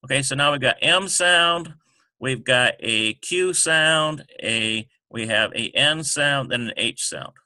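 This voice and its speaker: A man teaching a lesson over a screen recording, talking haltingly with many ums and self-corrections. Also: medium pitch, animated, pushed and bright, no echo.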